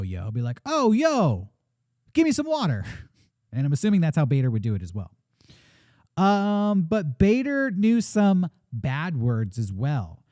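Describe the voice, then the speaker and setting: A man hosts a casual podcast, telling a story in a relaxed, joking style full of fillers. His pitch swings widely as he talks, and his tone is mellow and warm. The sound is dry and close, with no room echo. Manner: chatty and jokey, with many fillers. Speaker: podcast host.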